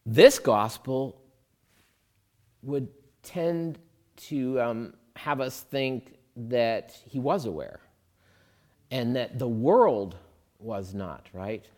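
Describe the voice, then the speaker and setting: Slow, conversational male preacher. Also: mid-range voice, expressive, darkish tone. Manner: conversational, thinking aloud with fillers and asides. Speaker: pastor. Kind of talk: sermon.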